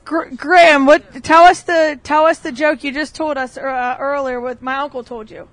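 A woman in a casual family chat keeps nudging her older relative to tell a joke. Her voice sits high for a woman, and she repeats herself in an insistent, coaxing way. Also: steady tone, moderate pace. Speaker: relative prompting the guest.

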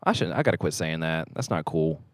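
A man's voice: a bass voice, expressive, fairly quick, no room sound. A man co-hosting a casual podcast, joking and playful, rambling from one thought to the next. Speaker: podcast co-host. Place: small studio room in a theater.

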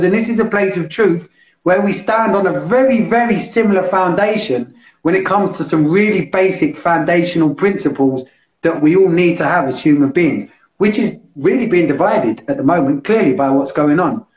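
A British man hosting a live meditation session, talking casually and enthusiastically as he pitches a membership, with frequent restarts. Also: lively intonation, moderate pace. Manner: enthusiastic, salesy, restarts often. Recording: echoey, dull lo-fi sound.

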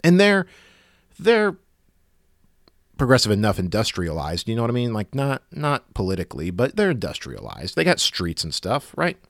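A man's voice: medium pitch, wildly swooping pitch, moderate pace, vocal fry, dry recording, studio quality. A man delivering a sarcastic, exasperated rant in a monologue. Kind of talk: ranting monologue.

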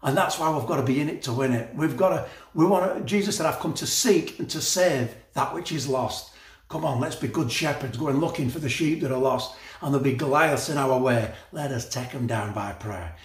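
A man's voice: mid-range voice, a little fast, echoey room. A man preaching a sermon with passion, laughing often and repeating phrases.

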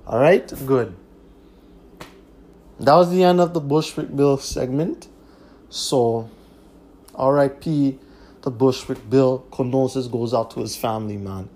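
A man's voice: mid-range voice, unhurried, long pauses, darkish tone. A man hosting his own podcast, talking in a blunt, profane, repetitive way. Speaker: podcast host. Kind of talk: casual monologue.

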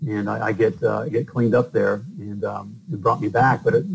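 A man's voice: on the low side, flat delivery, normal speed, vocal fry, breathy edge, poor audio. A middle-aged man from the northern US, a plumber and podcast host, telling stories in a loose, rambling way with lots of fillers. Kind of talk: casual storytelling interview.

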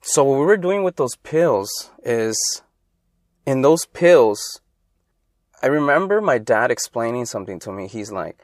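Young guy from LA rambling through old stories on his podcast, restarts a lot, gets loud when he quotes people, dead dry close mic. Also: mid-range voice, measured pace, no echo. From Los Angeles. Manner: rambling, self-interrupting, animated when quoting people. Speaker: podcast host. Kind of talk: casual solo storytelling.

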